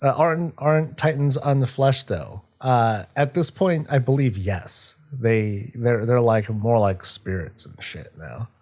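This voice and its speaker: A man's voice: mid-range voice, darkish tone. Rambling, profane young man on a stream. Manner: rambling, profane, jokey, acts out characters in quick asides. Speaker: streamer discussing game lore. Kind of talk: casual livestream chat.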